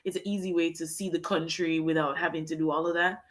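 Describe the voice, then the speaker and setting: A woman's voice: low voice, little pitch movement, fast talker. A young woman from Jamaica, a guest telling a heartfelt personal story about teaching English in Japan. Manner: earnest and heartfelt, talks in long winding sentences. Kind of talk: candid personal storytelling in a podcast interview.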